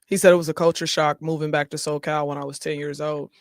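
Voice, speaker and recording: A man's voice: a little high, level tone, quick pace, no echo. Chatty male talk show host, dry sound. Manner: chatty, laughs often, talks to viewers directly. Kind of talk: casual chat, reading viewer comments aloud.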